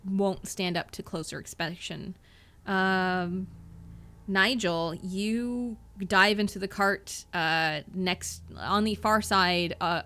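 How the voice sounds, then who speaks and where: A woman game master narrates a tabletop game, rambling through her descriptions with plenty of fillers. Her voice sits a little low, yet it sounds bright and sharp.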